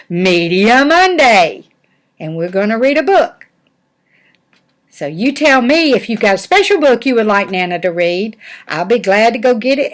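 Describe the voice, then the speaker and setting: An older woman, a grandmother, reading a storybook aloud to her grandchildren in a gentle, chatty way with asides. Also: medium pitch. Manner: slow, gentle, chatty with asides and little laughs. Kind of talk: storybook read-aloud to children.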